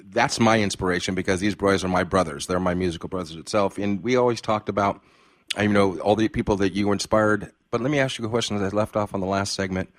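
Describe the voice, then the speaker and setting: Deep-voiced effusive man hosting radio. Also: no echo, studio quality. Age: 50s. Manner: effusive, warm praise and emphatic delivery. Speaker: radio show host. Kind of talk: radio interview.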